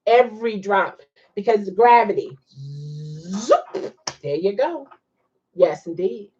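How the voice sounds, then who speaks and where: A woman's voice: mid-range voice, expressive, slow pace, a little mellow, highs cut off, a little hiss or hum. A woman hosting a casual livestream, chatting and reacting to viewer comments with frequent laughs. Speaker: livestream host.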